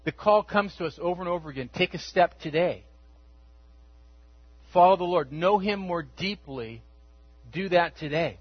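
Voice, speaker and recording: High-voiced, husky male preacher. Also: moderate pace, long pauses, no room sound, lo-fi sound. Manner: conversational storytelling, acts out quotes. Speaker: pastor. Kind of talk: sermon.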